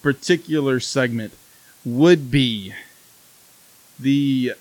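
A man co-hosting a casual review chat, easygoing and halting, laughing often. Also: mid-range voice, a little mellow, dry recording, poor audio. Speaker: podcast co-host.

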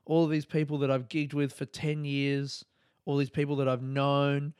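A man's voice: mid-range voice, monotone, moderate pace, darkish tone, clear, resonant tone, no room sound. Male comic, podcast host; casual, swearing, wistful storyteller; resonant tone, tight dry sound. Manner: meandering, profane, nostalgic storytelling with laughs. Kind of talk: casual rambling monologue.

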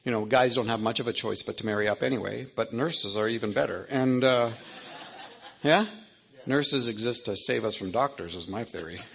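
A man's voice: mid-range voice, normal speed, vocal fry, a bit bright, husky. A middle-aged man, an author, telling humorous family stories to an audience in a rambling, anecdotal way with self-amused asides. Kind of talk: humorous storytelling talk.

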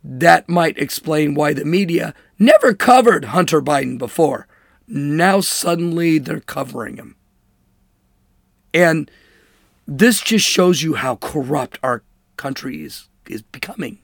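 A man's voice: fairly high pitch, expressive, unhurried, gravelly, no echo, studio quality. A man hosting a political commentary show, talking in an emphatic, sarcastic monologue and mocking with air quotes. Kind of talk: opinionated monologue.

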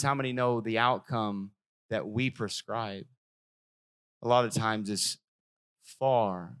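A young man preaching a sermon as pastor, lively and acting out voices now and then. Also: mid-range voice. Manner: animated, acts out voices of God and worshippers.

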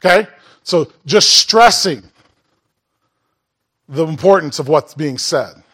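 A man's voice: fairly high pitch, lively intonation, takes it slowly, fairly bright tone. A man preaching a sermon in a church in a conversational way, asking the congregation questions and making asides. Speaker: pastor.

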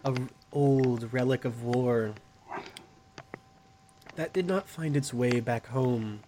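A female demon patron with leathery wings speaks slowly and coolly, talking down to a mortal, played by a man in a tabletop game. The voice is unhurried and condescending. A faint hiss sits behind it. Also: medium pitch, dark tone, lightly acted, low-quality recording. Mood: smug. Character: female winged horned demon patron, smug.

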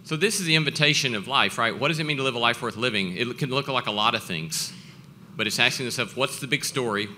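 A man, a professor, giving an earnest, reflective talk with personal storytelling and halting restarts. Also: medium pitch, pushed and bright, a little hiss or hum. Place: event breakfast gathering.

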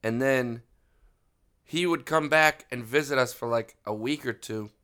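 A man's voice: mid-range voice, unhurried, pushed and bright, clear, resonant tone. A man chatting as a podcast guest, rambling through stories and swearing freely. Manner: profane, rambling storyteller. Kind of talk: casual chat.

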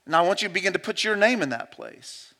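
A male pastor delivering a sermon in a bright, ringing tenor that sits unusually high for a man. He drops to hushed, intimate pleading and then climbs to loud, urgent exhortation. He hammers his points home by repeating phrases. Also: very animated, fast, gravelly. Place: church sanctuary, also streamed online.

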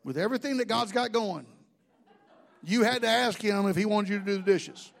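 A male pastor preaching a sermon, animated and joking, full of restarts and asides. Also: high-pitched, brisk, creaky.

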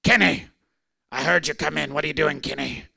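A man voicing a stubborn, blind old atheist man, low and gruff, scoffing at faith. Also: fairly quick, bright, forceful tone, exaggerated voice. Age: older.

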